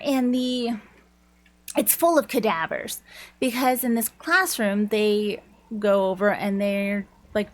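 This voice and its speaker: A woman's voice: mid-range voice, fairly bright tone. A woman reviewing a book, retelling its plot in a chatty, casual way with many filler "likes".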